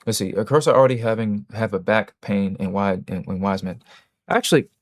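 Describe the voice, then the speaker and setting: A man's voice: fairly low pitch, brisk, no echo, studio quality. A man hosting a livestream, chatting casually and answering his chat in a rambling, joking, self-mocking way with many restarts. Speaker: livestream host.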